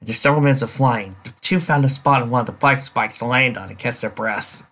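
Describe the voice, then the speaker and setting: A man reading his own fan fiction story aloud as narrator, in an expressive, animated way. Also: medium pitch, quick pace. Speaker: fan fiction author and reader.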